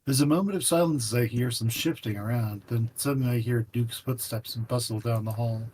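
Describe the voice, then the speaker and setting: A man's voice: mid-range voice, brisk, slight background noise, rough recording. Man reading game narration aloud. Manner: steady first-person reading, joking asides. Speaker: visual novel reader.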